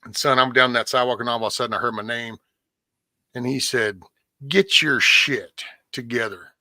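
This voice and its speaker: A man with a bright, forceful voice tells a rambling story, swearing freely and jumping up in pitch when he acts out other people. The sound is dry and close. He talks in a casual, unscripted way to a guest. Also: level tone, fast talker, no echo. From Texas. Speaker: podcast host.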